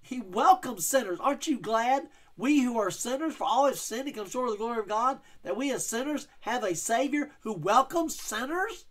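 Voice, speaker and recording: A man's voice: very high voice, expressive, normal speed, few pauses, a bit bright. A male pastor giving a verse-by-verse teaching sermon, explaining scripture and reading King James wording with emphasis.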